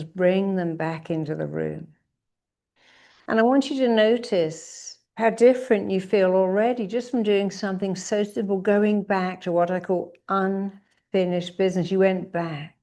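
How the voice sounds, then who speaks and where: A middle-aged woman leading a guided therapy exercise, directing listeners and calling out affirmations slowly and with force. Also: fairly low pitch, mellow. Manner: commanding, drawn-out affirmations called out with emphasis.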